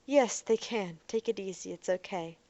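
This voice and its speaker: A woman voicing a young woman who talks calmly and coaxingly to keep someone talking. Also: medium pitch, normal speed, close to an everyday voice. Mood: sympathetic. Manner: soothing, coaxing. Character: young woman, calm and persuasive.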